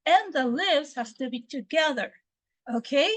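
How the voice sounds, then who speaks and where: A woman from the Philippines with a Filipino accent, teaching English pronunciation slowly and deliberately, repeating words for drills. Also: high-pitched, expressive, fairly bright tone, dry recording, low-quality recording. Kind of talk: pronunciation lesson.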